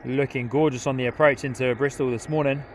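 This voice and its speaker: A man's voice: medium pitch, steady tone, a little fast, slight background noise. A young man casually hosting a live stream outdoors at an airport, reading viewer comments aloud and laughing often. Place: outdoors at an airport viewing spot.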